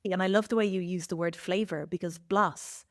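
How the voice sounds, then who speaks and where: A woman with an Irish accent, a language teacher speaking as a podcast guest in an articulate, explanatory way with lively emphasis. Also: fairly low pitch, normal speed, no room sound, studio quality. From Ireland. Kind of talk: podcast interview.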